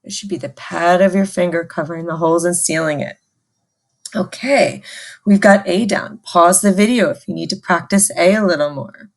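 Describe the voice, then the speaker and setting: A woman's voice: lowish voice, normal speed, vocal fry. A woman music teacher giving a patient, call-and-response recorder lesson to children.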